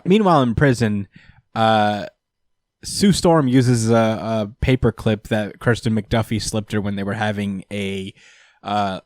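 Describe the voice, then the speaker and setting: A man's voice: on the low side, no echo, studio quality. A man co-hosting a podcast, casually recapping a comic with fillers and jokey quoted voices. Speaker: podcast co-host.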